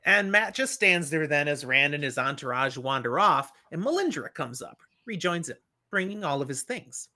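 A middle-aged man recapping a story with plenty of energy, dipping in and out of the characters' voices. His tone is bright and his pitch moves a lot. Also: normal speed. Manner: animated retelling, acting out the characters. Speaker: podcast host. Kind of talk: casual book discussion.

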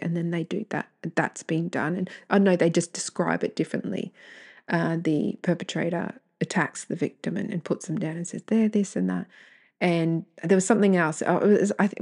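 A woman's voice: on the low side, dark tone. A woman hosting her own podcast, reading emails aloud and commenting bluntly, with rambling asides and free swearing. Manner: candid, blunt, swears freely; rambling, self-correcting asides. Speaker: podcast host.

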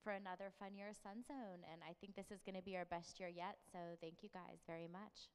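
A woman's voice: mid-range voice, fairly even intonation, fairly quick, clean tone. A woman co-leader speaking cheerfully to a group of teens. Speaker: camp co-leader. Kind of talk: brief remarks to a group. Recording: long reverb in a large hall.

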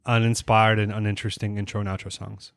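Rambling man with a low voice. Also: little pitch movement, fast talker, vocal fry, smooth, no room sound, studio quality. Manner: rambling, many fillers and restarts. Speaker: podcast co-host. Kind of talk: casual anime review chat.

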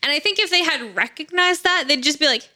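A woman tells a story on a podcast in casual chat. Her voice is a bit high and very bright, and her telling is candid and chatty. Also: animated, a little fast. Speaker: podcast co-host.

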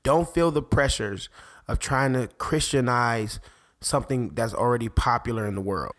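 A man, a parent, hosting a faith podcast in an excitable, rambling monologue that keeps interrupting itself. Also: mid-range voice, normal speed. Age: adult parent. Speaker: podcast host.

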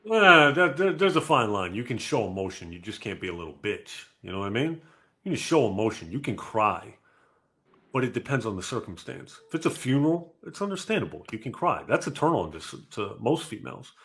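A man co-hosting a casual podcast chat, talking in a lively, opinionated way and often acting out the people he quotes. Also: medium pitch, a little fast. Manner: animated, acts out quoted voices. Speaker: podcast co-host.

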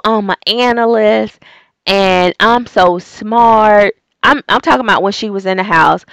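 A woman recapping a reality show in a sassy, exasperated way, piling on rhetorical questions. Her voice has a gravelly fry and she takes her time with it. The recording is dry and close, with no room sound. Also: mid-range voice, fairly bright tone, no room sound. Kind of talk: casual opinionated recap.

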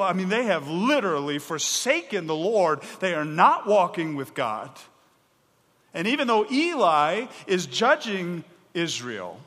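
A pastor with a slightly high, sharp-toned voice preaches a sermon in a hall with long reverb. He is emphatic yet conversational, speaking plainly to the congregation and tossing in casual asides.

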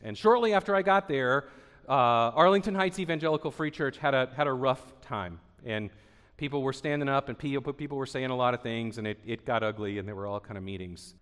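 In a church sanctuary, a pastor in his forties delivers an earnest sermon, repeating himself often and building to emphatic peaks. His medium-pitched voice is a bit bright and clean and moves a little fast, with long church hall reverb.

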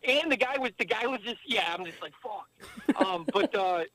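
A man with a notably high speaking voice tells loose, rambling stories as a podcast guest. He swears freely and packs his talk with filler words. He is calling in remotely from a car. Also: expressive, a little fast, bright, forceful tone, dry recording, rough recording. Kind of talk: casual storytelling. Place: driving in a car.

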